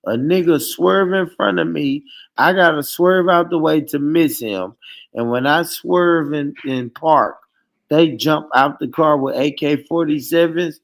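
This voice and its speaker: A man hosting a live stream in casual chat, animated and profane, laughing often. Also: on the high side, unhurried, vocal fry, low-quality recording.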